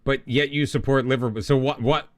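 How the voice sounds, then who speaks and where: A man's voice: medium pitch, fairly even intonation, brisk, no room sound, clean studio sound. A middle-aged man chatting casually on a live game stream, rambling and self-deprecating, with many restarts. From United States.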